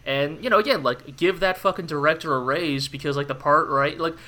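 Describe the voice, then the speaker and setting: Bright-voiced man in animated podcast chat. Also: fairly high pitch, a little fast. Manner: animated, many fillers and restarts. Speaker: podcast co-host. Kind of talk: casual chat about anime.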